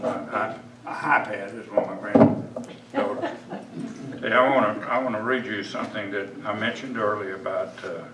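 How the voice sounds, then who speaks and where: A man's voice: on the low side, background noise. An older man giving a folksy, rambling speech to an audience at a museum event. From United States. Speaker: guest speaker, retired Air Force officer. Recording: echoey room, distant mic, background ambience.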